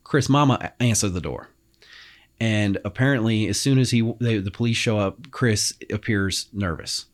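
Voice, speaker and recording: A man's voice: on the low side, normal speed. A man co-hosting a podcast, casually retelling a crime case and acting out the quotes. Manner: chatty, acts out quotes, loose restarts. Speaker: podcast co-host telling the case. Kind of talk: casual true-crime storytelling.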